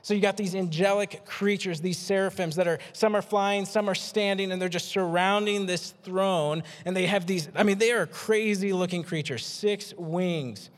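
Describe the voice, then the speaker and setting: A man preaching a sermon as a pastor, energetic and self-deprecating, repeating words for emphasis. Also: high-pitched, normal speed, few pauses. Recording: long hall reverb.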